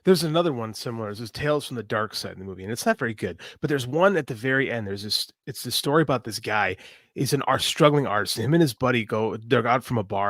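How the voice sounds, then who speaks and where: Animated storytelling man in his forties. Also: medium pitch, dry recording, studio quality. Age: 40s. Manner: animated storytelling, swears freely. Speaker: podcast co-host. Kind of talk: casual chat.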